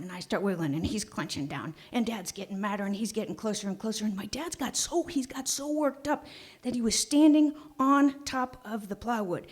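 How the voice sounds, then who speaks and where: A woman telling a childhood story on a small theater stage, animated, with dramatic pauses and hushed asides. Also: on the high side. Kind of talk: live storytelling performance.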